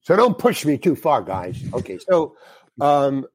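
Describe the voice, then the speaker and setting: An older man, a guest actor, telling a frank, animated story and acting out the dialogue in it. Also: a little high, a little slow, no room sound. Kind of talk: anecdotal storytelling.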